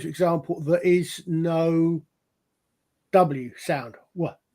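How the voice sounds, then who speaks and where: A man's voice: fairly high pitch, darkish tone. A man co-hosting a casual chat show, explaining things at length in a rambling, storytelling way. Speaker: podcast co-host.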